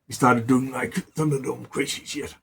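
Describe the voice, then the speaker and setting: A man's voice: medium pitch, flat delivery, normal speed, gravelly, fairly bright tone, a little hiss or hum. A man improvising a rambling, profanity-laced story in a casual way, often restarting words.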